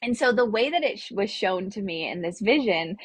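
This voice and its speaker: A young woman hosting a casual live stream as a spiritual teacher, talking in a chatty, animated way and laughing often. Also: mid-range voice, brisk, husky, dry recording. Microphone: headphone mic.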